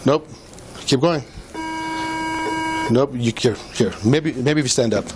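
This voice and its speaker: A man's voice: mid-range voice, measured pace. Cop guy coaching someone over and over, body cam audio with lots of noise. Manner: patient, repetitive coaching commands. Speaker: police officer. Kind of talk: giving instructions at a traffic stop. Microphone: body-worn camera.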